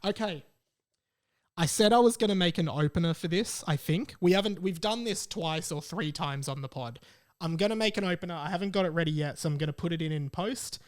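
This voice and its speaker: A man from Australia hosting a solo podcast, chatting in a rambling, enthusiastic way. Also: a little high. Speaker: podcast host. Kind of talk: casual solo podcast chat.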